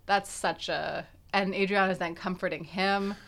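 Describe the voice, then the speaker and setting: Low-voiced woman musing with fillers. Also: steady tone, measured pace, creaky, fairly bright tone. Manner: thinks aloud with many fillers and restarts. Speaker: podcast co-host. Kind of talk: casual analytical chat.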